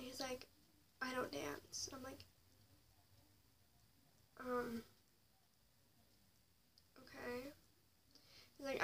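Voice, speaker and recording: A woman's voice: high voice, level tone, very slow, vocal fry, long pauses. A young woman telling a personal story to camera, often dropping to a whisper and rising sharply in anger. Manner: confessional, swings between hushed whispers and raised anger. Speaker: vlogger. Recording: slightly distant mic with faint noise.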